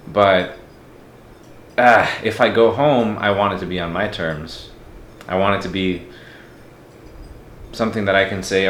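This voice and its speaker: A man's voice: low voice, steady tone, unhurried, long pauses, a bit bright, roomy sound, a little hiss or hum. A man from Mexico talking as a podcast guest, reflective and candid in a casual interview.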